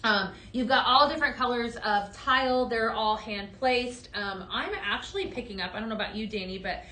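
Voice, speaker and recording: Bright-voiced woman hosting a live sale, gushing and upbeat, in an echoey studio. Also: fairly high pitch, normal speed. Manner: gushing, upbeat sales talk; talks straight to viewers. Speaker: host of a live home-decor sales stream. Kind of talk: live product demo chat.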